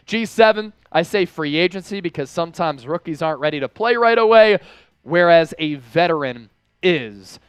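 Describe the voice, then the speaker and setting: A man's voice: high voice, dry recording. A man hosting a live sports stream, energetically reading out viewers' comments and locations. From from the Philadelphia area. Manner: energetic, shouts out viewers by name. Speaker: live sports show host.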